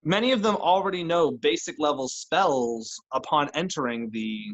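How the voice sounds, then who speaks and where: Man playing a soft-spoken maternal divination teacher, sweet manner, fairly high voice. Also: expressive, dull audio. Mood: puzzled. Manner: soft, sweet, unhurried speech.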